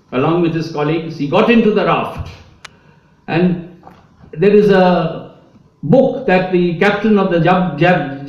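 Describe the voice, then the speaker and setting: A man's voice: high voice, darkish tone. A man giving a public lecture with slides, telling a story with apologetic, emotional asides. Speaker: speaker giving a public talk. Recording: echoey hall, distant mic, dull sound.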